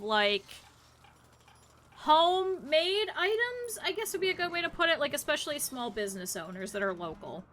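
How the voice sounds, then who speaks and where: A woman streaming a game, rambling casually and bursting into loud excited outbursts. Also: on the high side. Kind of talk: casual gaming stream chat.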